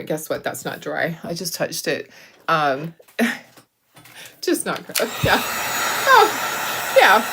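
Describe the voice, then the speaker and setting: A woman hosts a live crafting demo on a livestream, talking herself through each step in an upbeat, self-deprecating way and laughing often. Her voice is fairly low, and the background is noisy.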